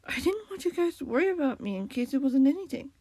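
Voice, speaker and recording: A woman reading aloud and voicing a worried young male cat who speaks softly and hesitantly. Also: high voice, big pitch swings, quick pace, no room sound, voice pushed up. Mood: uneasy. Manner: soft, hesitant, troubled.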